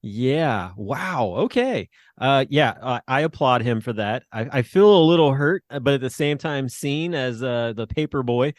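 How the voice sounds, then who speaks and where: A man's voice: mid-range voice, expressive, dry recording, clean studio sound. Laughing American man chiming in. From United States. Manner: laughs a lot, quick jokey reactions. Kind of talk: casual chat.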